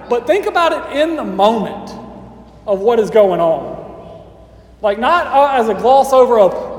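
A man's voice: extremely high pitch, moderate pace, roomy sound, long reverb tail. A man preaching a sermon as pastor, casual and conversational with playful asides to the congregation.

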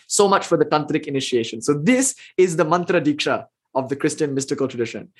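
Guy teaching a spirituality class, fairly high voice, lively and a bit playful. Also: a little fast, few pauses. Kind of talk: class lecture with readings.

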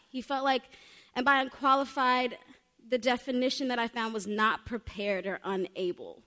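A woman's voice: high-pitched, normal speed, pushed and bright. A young woman preaching a sermon in a heartfelt, earnest way, often saying "like" between her thoughts. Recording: long reverb of a large hall.

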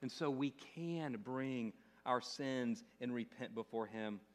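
A man's voice: mid-range voice, slow. A male pastor preaching a sermon, repeating phrases and asking the congregation rhetorical questions.

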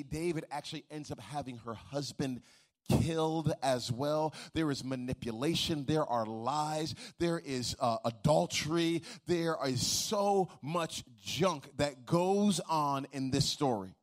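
A man preaching in call-and-response. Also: a little high. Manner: call-and-response, repeating key phrases; emphatic preaching with varied pace. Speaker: pastor. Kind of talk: sermon.

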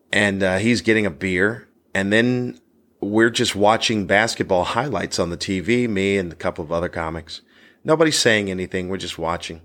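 Animated man telling a comedy story. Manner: animated, voice jumps high when worked up. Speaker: stand-up comedian. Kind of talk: casual anecdote telling.

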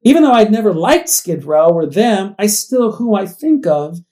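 A man's voice: high voice, big pitch swings, moderate pace, dark tone. A man in his forties, a podcast co-host, talking in a reflective, wistful way that wanders and restarts as he thinks aloud. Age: 40s. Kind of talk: casual conversational podcast chat.

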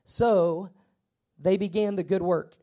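High-voiced man preaching a sermon. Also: measured pace, darkish tone. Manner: emphatic, repetitive preaching with stammered acted asides. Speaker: pastor.

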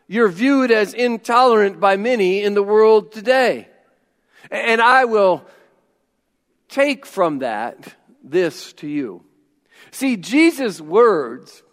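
A man preaching a sermon as pastor, emphatic and shifting down to quiet intensity, with humorous asides. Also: sits high, long reverb tail.

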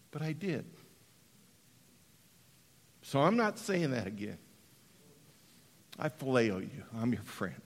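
A middle-aged man from Western Colorado preaching a sermon, dropping to hushed tones and rising to shouts. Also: mid-range voice, very animated, slow pace, long pauses, big-room sound. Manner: dramatic, swings from hushed to shouting. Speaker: pastor.

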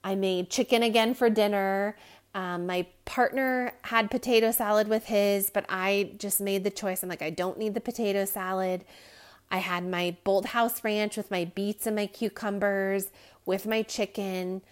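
A woman's voice: medium pitch, steady tone, a little slow, clean tone. A woman hosting a podcast, talking to listeners in a candid, rambling personal monologue with frequent fillers and small laughs. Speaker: podcast host.

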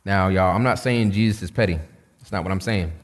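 A man's voice: low-pitched, brisk, big-room sound. A man preaching a sermon in a conversational, storytelling way with touches of humor. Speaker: pastor.

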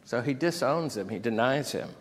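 A pastor gives an emotional sermon at a middle pitch and normal speed, expressive as he shifts between scripture readings and heartfelt personal stories. His intensity climbs as he reads the passages aloud, and a long reverb from the church sanctuary trails his words.

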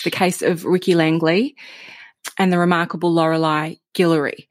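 A woman's voice: lowish voice, no echo. A woman hosting an interview, frank and teasing. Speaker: interview host. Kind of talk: interview chat.

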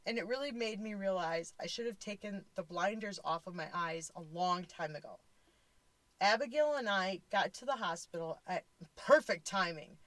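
A woman's voice: mid-range voice, a bit bright, no room sound, rough recording. A woman in her forties speaks in a voice that keeps catching on tears as she tells a personal story. She talks bluntly and candidly and swears now and then. Her mid-range voice sounds dry and close. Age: 40s. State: tearful, voice close to crying.

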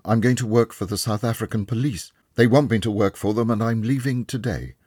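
A man's voice: lowish voice, fairly quick, darkish tone, slightly rough, no room sound, studio quality, voice pushed up. A man reading a story aloud, voicing an ashamed young male student who speaks hesitantly and apologetically. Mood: contrite.

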